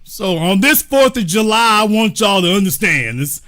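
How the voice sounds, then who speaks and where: This show host is a man with a high-pitched voice and moderate pace, casually joking through his commentary on a video. He's animated and speaks directly to viewers, whom he calls y'all.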